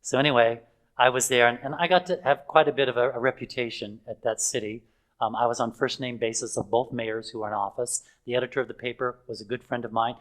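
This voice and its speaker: A man's voice: medium pitch, fairly even intonation, quick pace, a bit bright, rough recording. Chuckling older male preacher telling stories. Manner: chatty storytelling with chuckles and fillers. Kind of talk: anecdotal sermon.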